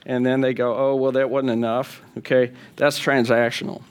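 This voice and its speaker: A man's voice: mid-range voice, little pitch movement, moderate pace, clean tone. A man preaching a sermon in a conversational way, often asking the congregation rhetorical questions. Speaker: pastor.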